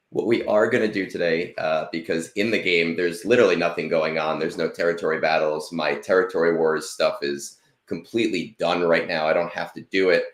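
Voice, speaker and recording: Deep-voiced chatty man in an echoey room. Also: fairly even intonation, normal speed. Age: 30s. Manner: rambling, chatty, self-deprecating, with frequent fillers. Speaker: stream host. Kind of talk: casual livestream chat.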